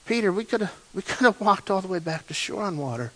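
A man voicing Jesus as a gentle, loving figure who softly scolds, speaking quietly and tenderly. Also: high-pitched, expressive, fast, pitched above the performer's own voice, poor audio.

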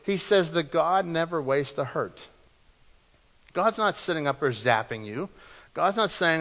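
A male pastor preaching a sermon, leading the congregation in call-and-response and moving between loud emphasis and hushed, soft lines. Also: high-pitched, sing-song, normal speed. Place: church sanctuary. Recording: long reverb of a church hall.

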